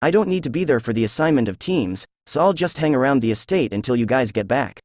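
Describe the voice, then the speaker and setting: A man reading a calm teenage boy swordsman. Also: medium pitch, quick pace, no room sound, lightly acted.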